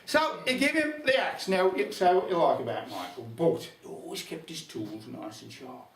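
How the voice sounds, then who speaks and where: Wry older Black Country storyteller. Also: male voice, a little high, animated, normal speed, fairly bright tone. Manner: chatty, wry asides. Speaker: folk club storyteller. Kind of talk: humorous storytelling to a live audience. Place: folk club room. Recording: roomy club hall from a distance.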